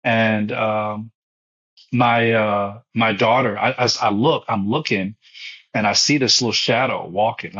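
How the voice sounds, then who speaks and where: A man's voice: lowish voice, pushed and bright, husky, lo-fi sound. A man in his thirties, a former pastor, telling his own story with emotion and repetition in an interview. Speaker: guest, foundation founder and former pastor.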